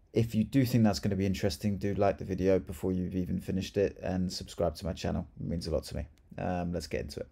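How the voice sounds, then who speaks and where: Brief: male language tutor, mellow, gravelly, chatty and upbeat. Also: deep voice. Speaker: Spanish teacher. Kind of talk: casual video lesson.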